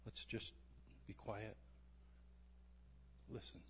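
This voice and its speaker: A man leading a church service, speaking gently and pausing for quiet prayer. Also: in a large hall, slight background noise.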